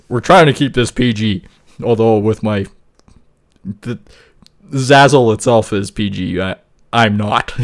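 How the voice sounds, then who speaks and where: A man talking casually through a screen-recorded tutorial, rambling, laughing often and swearing now and then. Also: mid-range voice. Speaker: YouTuber.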